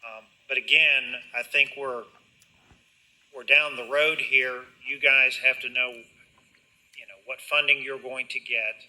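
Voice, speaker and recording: A county commissioner speaking at a public meeting in a measured, hesitant way, with many fillers. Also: male voice, mid-range voice, steady tone, pushed and bright, rough recording.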